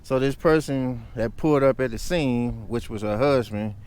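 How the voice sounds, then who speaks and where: A man's voice: mid-range voice, moderate pace, a little mellow. A man vlogging, telling a story in a heated, emphatic rant.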